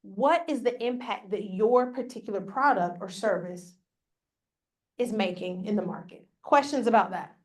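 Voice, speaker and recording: A woman's voice: medium pitch, normal speed. A woman leading a live business workshop, coaching the room in an upbeat, direct way. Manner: upbeat, coaching, speaks straight to the audience. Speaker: workshop presenter. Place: conference room with a live audience. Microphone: on a mic, recorded for a hybrid audience.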